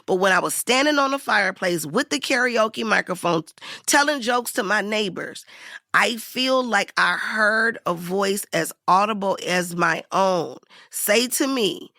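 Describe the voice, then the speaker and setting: A woman's voice: medium pitch, normal speed, pushed and bright, dry recording, clean studio sound. A woman in her fifties, an actor telling stories in an interview, acting out every voice with big swings. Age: 50s. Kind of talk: storytelling interview.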